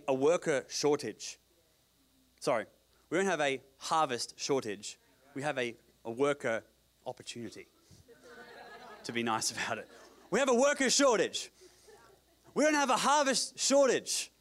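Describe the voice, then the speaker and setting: A man's voice: mid-range voice, a bit bright. A man from Australia with an Australian accent, preaching a sermon in a joking, conversational way, with digressions and repeated words. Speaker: pastor.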